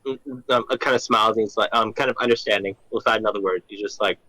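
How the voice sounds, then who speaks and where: A man's voice: on the low side, fairly even intonation, fast talker, sharp tone, no echo, rough recording. Hesitant man playing a tabletop game. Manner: hesitant, lots of ums and kindas. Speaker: player. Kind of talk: casual tabletop role-play.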